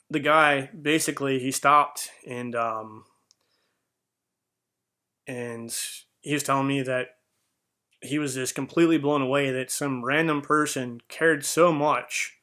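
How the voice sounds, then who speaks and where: A man's voice: medium pitch, pushed and bright. A young man telling a heartfelt personal story in an earnest, rambling way, with fillers and restarts. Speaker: vlogger.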